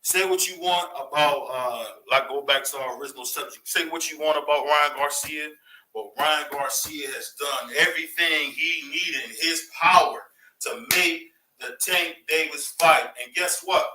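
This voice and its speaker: A man hosting a boxing talk show, ranting in a casual, excitable way and firing off rhetorical questions. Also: a little high, moderate pace, echoey room, far from the mic, a little hiss or hum, rough recording. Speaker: boxing commentary host. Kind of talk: casual opinion commentary.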